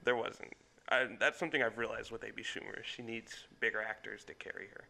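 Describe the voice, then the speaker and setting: Gravelly bright-voiced man arguing about movies. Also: lowish voice, steady tone. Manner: teasing, argumentative, quick to laugh. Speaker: podcast co-host. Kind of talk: casual comedy movie chat.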